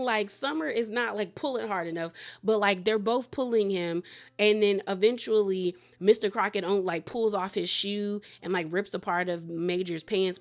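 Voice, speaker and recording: A woman giving a casual, animated movie recap, talking colloquially and laughing at the plot. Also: lowish voice. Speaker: movie reviewer.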